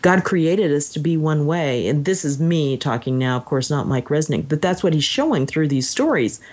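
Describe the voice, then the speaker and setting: A woman's voice: sits low, normal speed. A woman in casual conversation, reflecting on a story she read and sometimes reading passages aloud. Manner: reflective, reads passages aloud, animated when quoting. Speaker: book discussion co-host. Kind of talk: casual chat about a book.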